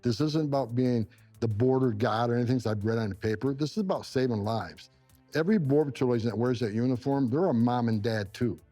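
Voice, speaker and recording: A man's voice: mid-range voice, a little fast, dark tone, no room sound, soft background music. A middle-aged man from upstate New York, a former immigration enforcement director, giving intense, emotional interview answers and repeating himself when moved.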